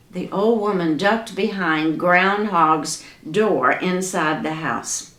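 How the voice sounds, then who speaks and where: A woman's voice: lowish voice, slow pace. Folksy woman telling a tale. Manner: lively, dramatic, folksy. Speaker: storyteller. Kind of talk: folk tale storytelling. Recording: echoey room.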